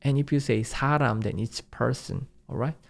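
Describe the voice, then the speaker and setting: A young Korean man teaching his native language in English with a Korean accent, drilling phrases at fast speed and insisting on serious practice. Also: medium pitch, steady tone, creaky. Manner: drills phrases in rapid repetitions, earnest and insistent. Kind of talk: online language lesson.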